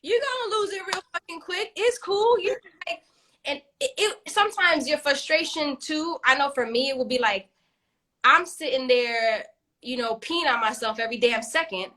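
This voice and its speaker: A woman co-hosting a casual chat, animated and frank, swearing freely and laughing often. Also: high-pitched, moderate pace. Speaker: podcast co-host.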